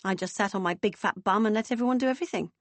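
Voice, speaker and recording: Picture a wry, down-to-earth young woman in her twenties, teasing and dry-humored, as a female narrator voices her. She is pitched a little above the narrator's usual voice and recorded close and dry. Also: racing, no echo, natural voice.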